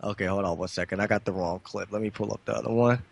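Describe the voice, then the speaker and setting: A man's voice: lowish voice, steady tone, fast talker, vocal fry, no room sound. Man, radio host, casual slangy rant, sarcastic, close dry mic. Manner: loose, slangy, sarcastic ranting. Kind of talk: casual talk radio commentary.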